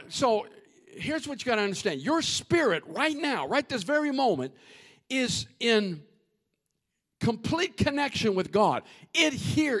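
A man preaching a humorous, animated sermon and addressing the congregation directly. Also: sits high.

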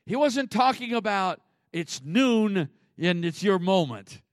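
A man preaching a sermon as pastor, conversational, with sudden swings between loud emphasis and hushed asides. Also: sits high, expressive, slow pace, no echo, studio quality.

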